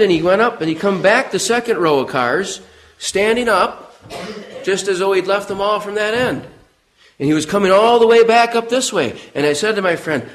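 A middle-aged man preaching a sermon, telling a story earnestly and dropping low and quiet on solemn phrases. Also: poor audio.

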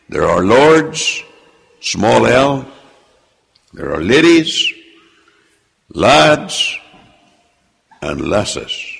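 A man preaching a sermon and reading scripture aloud, with slow, emphatic delivery that sinks low and quiet at the ends of phrases. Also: creaky, slightly rough. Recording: long hall reverb.

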